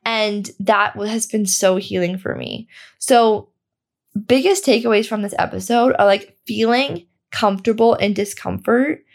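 Woman host of a self-help podcast. Young adult, gravelly voice, mid-pitched, swears freely, leans on "like" a lot. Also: a little slow. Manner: casual and candid, swears freely, heavy use of "like".

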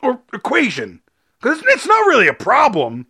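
A man's voice: very high voice, wildly swooping pitch, moderate pace, bright, forceful tone, breathy edge. A young adult man hosting a comedic solo podcast, upbeat, playful and goofy. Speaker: podcast host.

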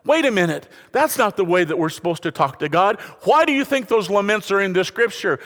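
A man preaching a sermon with a notably high, animated voice that swoops from hushed lows to emphatic highs. His words ring out in a large hall with a long reverb tail behind them. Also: a little fast. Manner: preaching with lively rises and falls, addressing the congregation. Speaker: pastor.

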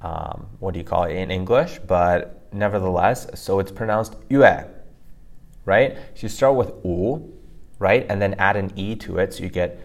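A man's voice: low voice, moderate pace, creaky, hardly any pauses. A man co-hosting a casual lesson podcast, explaining sounds step by step and often checking in with "right?". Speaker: co-host teaching pronunciation.

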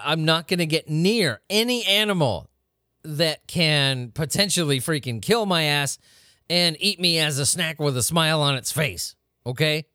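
A man's voice: a little high, fairly bright tone, no echo, studio quality. A man hosting a weird-news podcast, ranting casually with lots of profanity and incredulous outbursts. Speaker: podcast host. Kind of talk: casual comedic rant.

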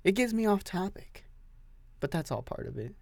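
A man's voice: high voice, very animated, moderate pace, creaky, a little mellow, dry recording. A young man hosting a solo podcast, rambling and swearing, repeating himself as he talks while standing with a coffee. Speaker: podcast host.

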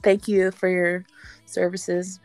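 A woman's voice: lowish voice, little pitch movement, takes it slowly, a little mellow, soft background music. A young woman co-hosting a podcast, telling stories in a playful, teasing manner. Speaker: podcast co-host. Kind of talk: casual storytelling chat.

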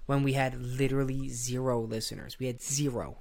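Young male podcast co-host, laid-back, rambling, lots of filler, relaxed casual talk. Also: mid-range voice, fairly quick, creaky. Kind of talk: casual chat.

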